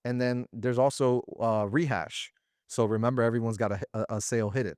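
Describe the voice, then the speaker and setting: A man talking as an interview guest about running a sales business, in slangy, animated casual speech. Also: medium pitch, a little fast, no echo, clean studio sound. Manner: slangy and animated, often acting out little quoted exchanges.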